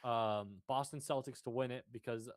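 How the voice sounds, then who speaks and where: A man's voice: medium pitch, steady tone, normal speed, dry recording. A young man in casual sports chat, emphatic and swearing as he argues his point. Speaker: podcast co-host.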